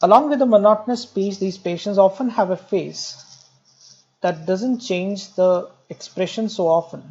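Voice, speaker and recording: A man's voice: sits high, measured pace, a little mellow, lo-fi sound. A man giving a medical lecture, explaining step by step, repeating key terms and speaking directly to students with light jokes. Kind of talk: recorded exam-prep lecture.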